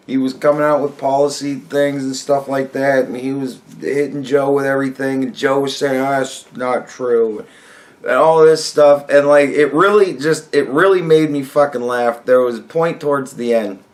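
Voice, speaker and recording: A man giving a casual, profane, rambling reaction rant, often exasperated and breaking into laughter. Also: mid-range voice. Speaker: commentary vlogger.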